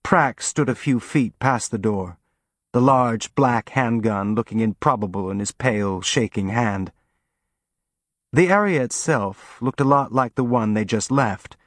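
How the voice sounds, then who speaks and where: A mid-range male voice narrates an audiobook evenly and with measured delivery. It's studio-quality audio without any echo.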